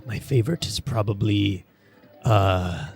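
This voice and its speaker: A man voicing Titus, a male bartender who has spent years at sea, speaking in a halting, hesitant way. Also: lowish voice, gravelly, faint music behind. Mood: calm.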